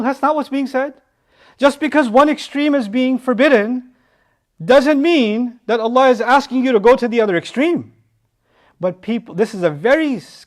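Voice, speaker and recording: A man giving a lecture on Quran verses, animated, asking rhetorical questions and acting out what people say. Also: very high voice. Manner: animated, rhetorical questions, acts out quoted voices. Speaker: Quran teacher.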